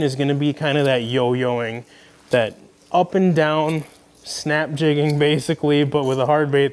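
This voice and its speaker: Young host, easygoing and folksy, voice a touch high, for a chatty gear rundown. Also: male voice, clear, resonant tone. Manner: relaxed, folksy, conversational with fillers. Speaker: fishing video host. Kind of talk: casual gear rundown to camera.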